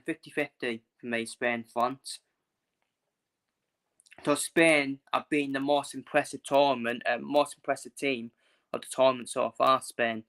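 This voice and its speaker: A man's voice: medium pitch, a bit bright. A man from England ranting casually about football in a blunt, repetitive way, previewing matches for his channel.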